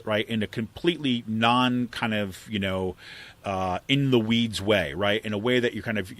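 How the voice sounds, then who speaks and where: A man's voice: lowish voice, fairly bright tone. A man co-hosting a political podcast, chatting casually and rambling with lots of fillers. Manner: rambling, many fillers and asides. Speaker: podcast co-host.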